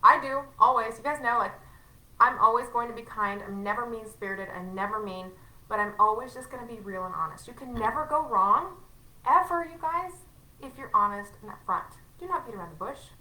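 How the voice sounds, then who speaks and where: A woman's voice: fairly high pitch, a little fast, sharp tone, reverberant, rough recording. A woman leading a sales team, giving a candid and emphatic training talk in casual language, sometimes acting out conversations. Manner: candid, emphatic, acts out quoted exchanges.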